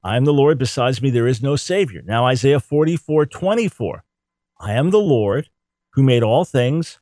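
A man's voice: medium pitch, expressive, normal speed, a little mellow, no echo. A man giving an emphatic theology teaching talk, repeating words to drive points home. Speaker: Bible teacher.

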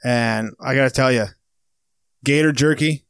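Chill guy hosting, laughs a lot, middle pitch, dry close audio. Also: unhurried, vocal fry, a bit bright, clear, resonant tone, dry recording. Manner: chuckling, easygoing. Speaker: podcast host. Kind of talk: casual chat.

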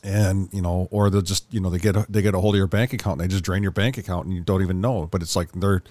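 A man's voice: low-pitched, fairly even intonation, fast talker, darkish tone. A man co-hosting a podcast, telling a story in casual chat and acting out the quotes. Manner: rambling storyteller, acts out quotes. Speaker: podcast co-host.

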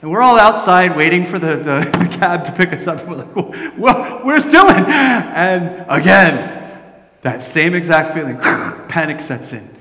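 Animated preaching man in an echoey hall. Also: a little high, normal speed. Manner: animated storytelling, acting out quoted voices; drops to a soft, hushed tone for reflective points. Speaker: pastor. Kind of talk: sermon. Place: large church hall. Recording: echoey hall with long reverb.

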